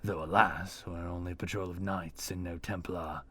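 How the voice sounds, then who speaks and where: A composed knight lieutenant, voiced by a male narrator, speaking in steady, measured words. His voice sits deep and low, calm even when delivering bad news. A fantasy storybook reading.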